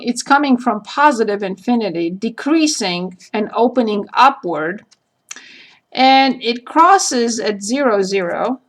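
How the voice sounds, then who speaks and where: A woman math teacher giving a recorded calculus lecture, slowly spelling out each point and step as she works through a graph. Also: on the high side, a bit bright.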